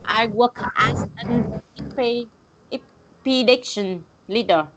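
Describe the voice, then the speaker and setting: A woman's voice: fairly high pitch, slow pace, very noisy. A woman learning English, reading lines and carefully repeating words after her tutor. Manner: careful, hesitant repetition.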